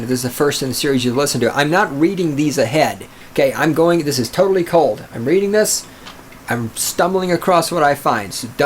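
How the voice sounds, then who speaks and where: A man's voice: a little high, a little hiss or hum. A man hosting a podcast, reading listener letters aloud and ranting at them in a profane, combative, sarcastic way. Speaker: podcast host.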